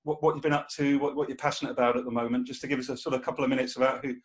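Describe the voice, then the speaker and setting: A man's voice: mid-range voice, level tone, racing. A man hosting an interview podcast, asking questions with stumbles and repeated words. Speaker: podcast host. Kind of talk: casual interview.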